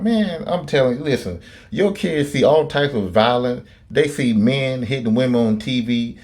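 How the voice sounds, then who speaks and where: A man's voice: mid-range voice, lively intonation, slow, darkish tone, a little hiss or hum. A man giving blunt, opinionated commentary on a phone, rambling with many fillers and restarts and plenty of profanity. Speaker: video commentator.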